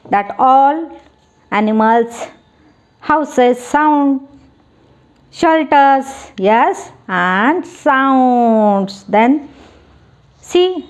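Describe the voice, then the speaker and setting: A woman teaching a children's lesson in simple English, spelling out words letter by letter. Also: sits high.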